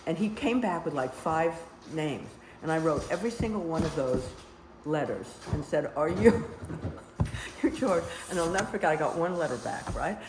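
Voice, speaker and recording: Older woman, lowish voice, chatty rambling storyteller, roomy echoey sound. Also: animated, normal speed, background noise. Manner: rambling, full of "you know" asides. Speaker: storyteller guest. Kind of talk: casual storytelling. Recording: roomy echo.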